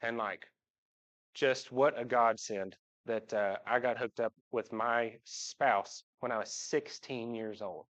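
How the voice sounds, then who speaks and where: A man's voice: mid-range voice, fairly even intonation, slow pace, fairly bright tone. A man, speaking to his church congregation about his family in a joking, heartfelt way. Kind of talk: personal church talk. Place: church sanctuary, at the front. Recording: dull livestream audio.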